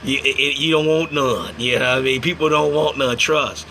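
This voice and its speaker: A man's voice: mid-range voice, normal speed, slight background noise. A young man hosting a casual livestream, telling stories animatedly and breaking off to thank viewers. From Indiana, United States. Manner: animated storyteller, acts out quotes, thanks viewers mid-story. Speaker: livestream host.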